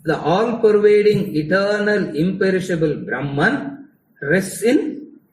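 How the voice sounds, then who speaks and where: A man with a Tamil-English accent teaches a class in a chatty, teasing way. His voice sits a little high. It is picked up from some way off in a room full of echo. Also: lively intonation, takes it slowly, a little hiss or hum. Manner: conversational, teasing the audience, mixing English and Tamil. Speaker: spiritual lecturer. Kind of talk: live lecture to a class. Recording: echoey hall, mic at a distance.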